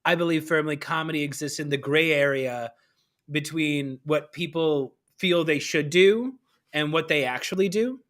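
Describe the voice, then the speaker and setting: A man hosting a casual live-stream conversation, telling stories with a lively comic delivery. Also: on the high side, normal speed. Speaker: host.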